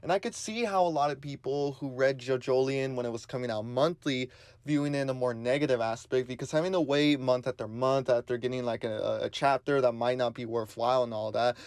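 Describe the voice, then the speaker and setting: A man's voice: medium pitch, no echo. A man hosting his own channel in casual solo commentary, speaking with a lisp from new braces in an earnest, rambling way.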